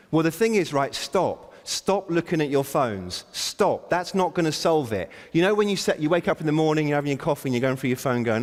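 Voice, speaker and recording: A man's voice: on the high side, animated, quick pace, hardly any pauses. A middle-aged man giving a blunt, provocative and self-mocking opening keynote to a conference audience. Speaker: conference speaker. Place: large conference hall. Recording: long hall reverb.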